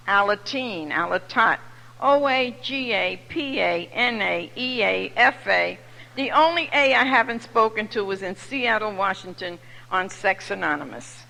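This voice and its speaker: An older woman from New York with a New York accent, telling her personal story to an audience as a recovery meeting speaker, lively and humorous. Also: mid-range voice. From New York City. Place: large meeting hall. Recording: echoey hall recording.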